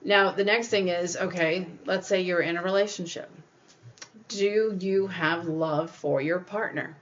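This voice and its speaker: A woman's voice: fairly low pitch, steady tone, measured pace, highs cut off. A woman hosting her own podcast, giving earnest, casual life advice and often acting out what other people say. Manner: earnest, repeats points, acts out quoted people. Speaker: podcast host.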